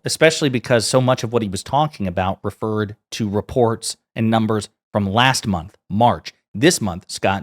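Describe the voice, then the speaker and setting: Brief: man delivering scornful, emphatic political commentary. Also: on the low side.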